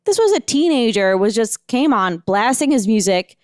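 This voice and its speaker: A woman co-hosting a podcast in casual chat, reacting quickly with animated comments. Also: fairly high pitch, clear, resonant tone, no echo, studio quality. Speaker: podcast co-host.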